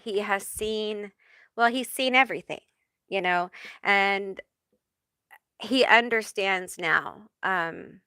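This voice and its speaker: A woman medium speaks slowly and hesitantly, often stopping to ask "okay?". Her voice is bright and smooth, recorded dry and close. She reassures listeners as she relays spirit messages. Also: medium pitch, dry recording. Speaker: tarot reader and medium. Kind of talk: channeling spirit messages live.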